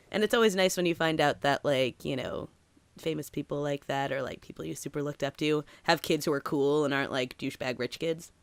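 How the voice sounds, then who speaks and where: Female co-host from Massachusetts, lower register, animated casual chat with lots of laughs and "like". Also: dry recording. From Massachusetts, USA. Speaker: podcast co-host.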